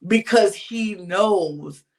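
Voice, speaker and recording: A man with a slightly raised pitch tells reality-show gossip as a podcast co-host. He talks in an animated, chatty way and drops into casual slang. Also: very slow, vocal fry. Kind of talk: casual reality-TV recap chat.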